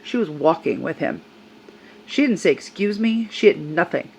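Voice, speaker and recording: A woman's voice: low-pitched, big pitch swings, moderate pace, gravelly, darkish tone, breathy edge, rough recording. An older woman tells a personal story in a vlog, earnest and upset as she recounts what happened. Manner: upset, earnest retelling with quoted voices. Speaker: service dog handler.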